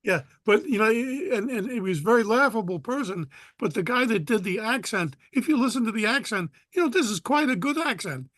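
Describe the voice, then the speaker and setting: A man with a notably high voice asks a rambling question over a video call. The sound is dry and close, and he pauses often with hesitant fillers. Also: expressive, fairly bright tone, dry recording. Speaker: audience member asking a question.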